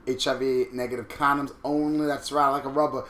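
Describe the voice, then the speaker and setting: A man's voice: mid-range voice, level tone, fairly quick, fairly bright tone, reverberant. A man in his thirties from Long Island, with a Long Island accent, cracking crude, playful jokes in casual chat while he signs up for a website. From Long Island, New York. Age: 30s. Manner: crude, playful, campy wisecracks. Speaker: host signing up for a website.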